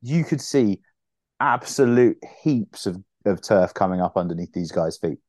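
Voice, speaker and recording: A man's voice: on the low side, animated, a little slow, darkish tone, no echo, studio quality. A man, co-hosting a casual sports podcast, rambling with frequent restarts and swearing. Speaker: podcast co-host.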